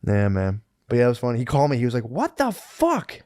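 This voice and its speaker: A man's voice: medium pitch, rapid-fire, dark tone, smooth, no room sound, studio quality. A young man co-hosting a podcast, telling rambling stories in casual chat and swearing freely with lots of dude and bro. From Philadelphia area. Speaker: podcast co-host.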